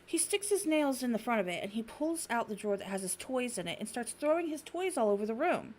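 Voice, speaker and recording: A woman in her thirties hosts a podcast, telling stories in casual chat and swearing freely. Her voice is on the high side and quick, and she comes across as an animated storyteller.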